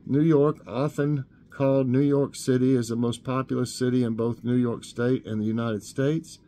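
A man hosting a casual trivia show, reading questions aloud and thinking out loud as he guesses. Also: medium pitch. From Tennessee. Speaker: host.

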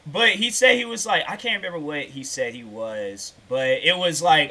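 A man's voice: mid-range voice, normal speed, few pauses, pushed and bright. A man ranting casually as a YouTuber, rambling with lots of "like" and restarts, and turning insistent when he makes a point. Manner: rambling, slangy, full of "like" and restarts. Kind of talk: casual rant.

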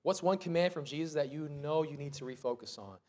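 A man in his thirties with a notably high voice preaches to his congregation. He speaks in a lively storytelling way, acting out voices and sounds as he goes. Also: a little fast. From United States. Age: 30s. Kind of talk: sermon. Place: church sanctuary.

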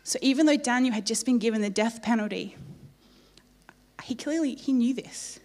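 A woman preaching a sermon in church, telling the story in a lively way with playful asides to the congregation. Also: on the high side, moderate pace.

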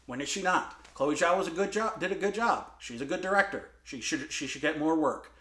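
A man's voice: fairly high pitch, animated, brisk, a bit bright. A man hosting a movie review show, talking casually with many fillers and restarts. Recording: roomy room.

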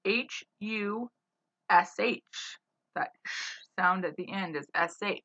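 A woman teaching spelling, saying each word slowly, spelling it letter by letter and using it in a sentence. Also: mid-range voice, bright, forceful tone. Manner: spells words letter by letter, then gives example sentences. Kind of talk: slow dictation of spelling words. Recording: slightly dull lo-fi sound.

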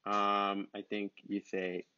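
Male teacher, lowish voice, patient drilling of simple words, lo-fi recording. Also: completely flat delivery, pushed and bright, clean tone, no room sound. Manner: repeats words slowly and patiently. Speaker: English teacher. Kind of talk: slow, simple vocabulary lesson. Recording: dull, lo-fi sound.

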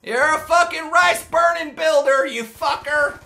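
A man putting on a furious redneck voice as a prank in online game chat, shouting, stammering with rage and hurling insults. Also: very high-pitched, a little slow, very noisy, exaggerated voice. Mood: enraged. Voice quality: gravelly, shouting. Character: furious loudmouth redneck man, patriotic ranter.

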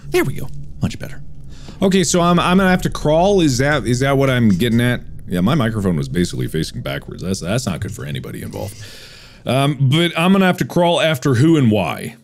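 A man in his thirties playing a horror game on video, swinging between panicked yelling and dry jokey asides. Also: mid-range voice, wildly swooping pitch, normal speed, faint music behind. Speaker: gaming video host.

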